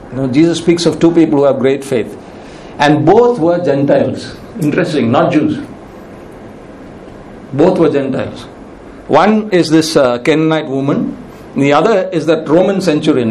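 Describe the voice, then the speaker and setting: A man's voice: on the high side, darkish tone, slight background noise. A male preacher giving a sermon in an earnest, pleading manner, repeating key phrases for emphasis.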